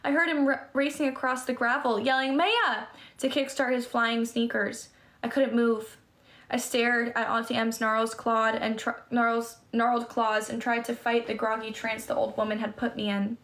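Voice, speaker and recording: A woman's voice: on the high side, level tone, normal speed, a bit bright. A woman reading a novel aloud in first person, now and then stumbling over words and restarting them. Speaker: reader.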